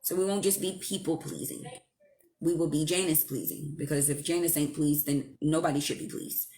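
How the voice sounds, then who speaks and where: A woman hosting a casual live stream from home, giving spiritual advice in a blunt, profane, animated way. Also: deep voice, normal speed. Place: at home with her child nearby.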